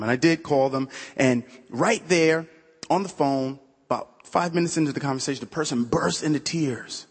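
Husky-voiced man preaching in a church. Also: a little high, normal speed, big-room sound. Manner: conversational storytelling, many "you know" asides. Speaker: pastor. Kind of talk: sermon testimony. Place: church sanctuary.

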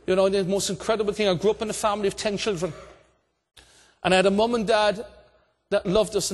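A man preaching an impassioned evangelistic sermon, calling out and shouting to a congregation. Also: high voice. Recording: long hall reverb.

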